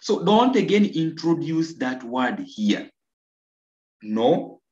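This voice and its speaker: A Ugandan man teaching an online English lesson, slow and coaxing, repeating answers and praising his pupils. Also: fairly high pitch, big pitch swings, a little mellow. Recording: roomy, dull lo-fi video call audio.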